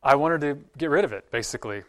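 A man's voice: fairly high pitch, animated, fast, a bit bright. A male pastor giving a sermon in a conversational, earnest way, often putting questions to the congregation.

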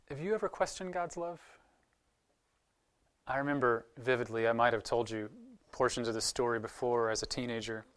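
A man's voice: medium pitch, a bit bright, clear, resonant tone. A male pastor giving a sermon in a conversational, earnest way, often putting questions to the congregation.

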